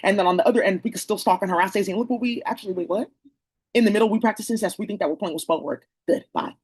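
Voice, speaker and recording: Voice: mid-range voice, very fast, a little mellow, breathy edge, rough recording. A speaker from the San Francisco Bay Area delivering a rambling, accusatory monologue to the camera, full of slang and profanity.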